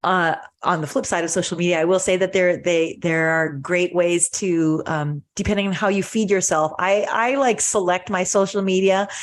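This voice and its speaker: A woman's voice: fairly low pitch, steady tone, normal speed, few pauses. A woman hosting a podcast in casual chat, earnest and gushing, often restarting her sentences. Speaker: podcast host.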